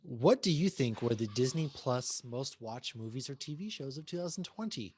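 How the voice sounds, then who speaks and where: Animated ranting man, lively pitch. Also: moderate pace, husky, no echo. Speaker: podcast co-host. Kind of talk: casual chat.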